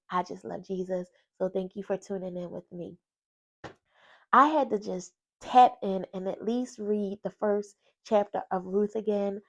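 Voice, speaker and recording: A woman's voice: medium pitch, fairly even intonation, normal speed, muffled recording. Woman, faith vlogger; folksy, chatty Bible talk with asides, close personal mic. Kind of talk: casual Bible study chat. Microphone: personal microphone.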